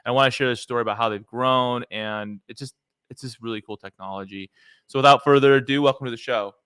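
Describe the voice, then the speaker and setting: A man's voice: medium pitch, steady tone, fast, a bit bright, smooth, no echo, studio quality. A man hosting a podcast interview, chatting in a casual, laid-back way with plenty of fillers. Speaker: podcast host.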